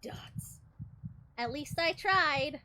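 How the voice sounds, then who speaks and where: Woman voicing Raspberry, a tiny high-pitched fruit girl. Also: extremely slow, pushed and bright, exaggerated voice. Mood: ominous. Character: cute, secretive little female talking raspberry.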